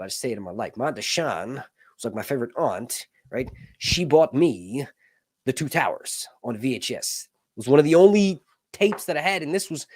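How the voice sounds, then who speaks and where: A man's voice: mid-range voice, dry recording, clean studio sound. A man hosting a casual livestream chat, rambling and joking, often cutting himself off mid-sentence and swearing offhandedly. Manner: rambling, self-interrupting, joking. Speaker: YouTube channel host.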